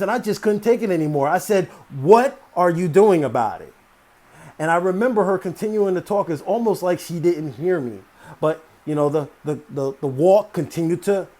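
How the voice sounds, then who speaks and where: A man's voice: a little high, a little mellow. A man telling a story about his time as a store manager, in a conversational, emphatic way with many fillers and repeated phrases. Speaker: motivational speaker. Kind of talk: storytelling talk.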